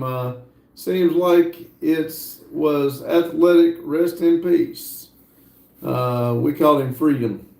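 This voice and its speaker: A man hosting a livestream, slowly reading viewer messages aloud with lots of hesitant fillers. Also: high voice, vocal fry, a little mellow, echoey room. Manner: slow, halting reading with many fillers. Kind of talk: casual livestream chat.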